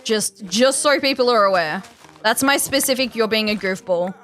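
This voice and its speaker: Chatty Australian woman with a slightly high voice. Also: normal speed, a bit bright, soft background music. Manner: chatty, rambling, many fillers and restarts. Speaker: game streamer. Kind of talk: casual chat with live viewers.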